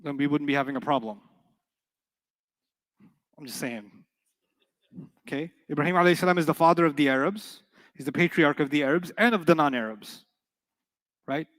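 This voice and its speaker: A man's voice: a little high, long reverb tail. A man teaching an Arabic grammar class, playful and joking while he quizzes the students. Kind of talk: classroom lecture.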